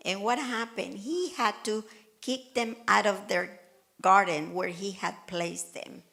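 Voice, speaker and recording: A woman pastor delivers a sermon in a church, earnest and animated, slipping into acted-out quotes from her own life. Her voice has a gravelly edge throughout. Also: mid-range voice, slow pace. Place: church hall in Malta. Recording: church service.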